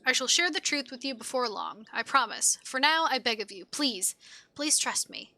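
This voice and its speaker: A woman's voice: sits high, animated, exaggerated voice. Faint pleading wounded girl, as a woman reads her. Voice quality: faint, soft-spoken. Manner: hesitant, halting pleas. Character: young woman hiding wounded in a tent, pleading.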